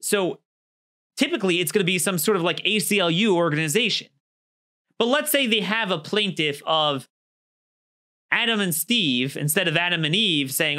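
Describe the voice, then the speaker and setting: A bright, fairly high-pitched man delivers an emphatic opinion monologue. He argues his points hard and acts out both sides of imagined exchanges. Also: expressive, normal speed. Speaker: political commentator.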